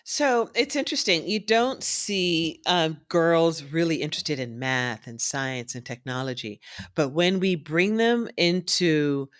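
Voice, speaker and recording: A woman's voice: sits low, unhurried, no echo, studio quality. A woman guest, a nonprofit founder, telling stories in an interview and acting out other people's lines as she goes. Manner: animated storyteller who acts out others' voices. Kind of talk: conversational interview storytelling.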